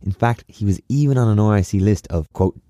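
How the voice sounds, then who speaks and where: A man hosts a history podcast in a low, mellow voice, and the recording is close and completely dry. He reads from a script but keeps it casual and wry, dropping in sarcastic asides. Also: a little fast, no echo. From Ireland.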